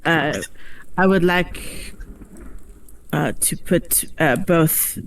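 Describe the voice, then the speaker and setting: A woman at a tabletop game talks slowly and hesitantly, filling gaps and breaking into giggles. Her voice sits a little low for a woman. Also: slight background noise. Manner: hesitant, giggly, many fillers. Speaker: player.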